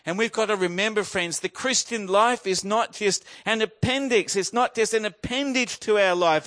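A man's voice: high voice, moderate pace, hardly any pauses, fairly bright tone. A man in his fifties preaching a sermon in an earnest way, repeating key phrases for emphasis. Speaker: pastor.

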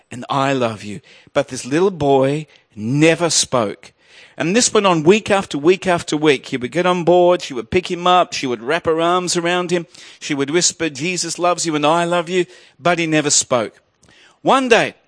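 A male pastor preaching a sermon, swelling loud on key points and dropping low and slow while telling a story. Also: dry recording.

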